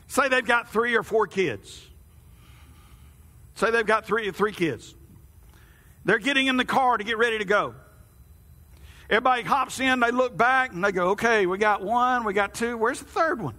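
A man's voice: high-pitched, bright, forceful tone. A man preaching a sermon as pastor, folksy and conversational, asking his congregation questions. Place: church hall. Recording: long reverb of a church hall.

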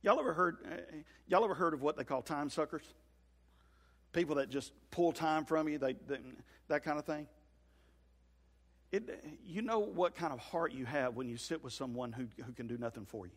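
Folksy preacher, high and echoing. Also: male voice, normal speed, slightly rough. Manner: folksy, animated, acts out scenes in comic voices. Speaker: pastor. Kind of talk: sermon. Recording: hall reverb.

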